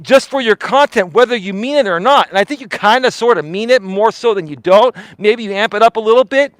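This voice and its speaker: A man hosting a live stream, delivering a confrontational, profane rant with emphatic repetition and a loudly projected voice. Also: high voice, lively intonation, a little fast, no echo, low-quality recording.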